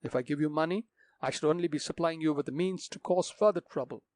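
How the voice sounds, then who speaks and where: A man's voice: a little high, fast, darkish tone, no echo, lightly acted. A man voicing a distraught young woman, an heiress, who pleads and argues in agitation. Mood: agitated.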